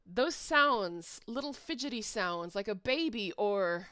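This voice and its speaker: A woman's voice: medium pitch, slow, hardly any pauses, smooth, dry recording, studio quality. Playful young woman reading a webcomic aloud. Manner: playful, animated, reacts to the text. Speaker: webcomic reader.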